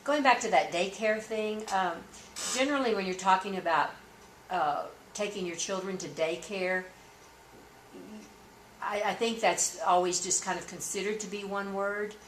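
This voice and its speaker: A woman teaching transcription, dictating slowly with punctuation spoken aloud, then stopping to explain formatting rules. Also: mid-range voice, a bit bright, reverberant, a little hiss or hum, rough recording. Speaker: court reporting instructor.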